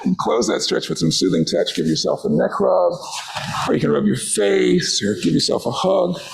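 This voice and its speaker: Gravelly man leading a wellness workshop. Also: high-pitched, moderate pace, background noise. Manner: calm, inviting, coaching listeners through exercises. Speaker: wellness presenter. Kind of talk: guided workshop presentation.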